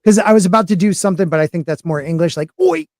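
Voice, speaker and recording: Rambling, jokey host from Connecticut. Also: male voice, sits high, very fast, darkish tone, no room sound. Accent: Connecticut, near New York. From western Connecticut, US. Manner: rambling, jokey, self-deprecating. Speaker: podcast host. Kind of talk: casual live-stream chat.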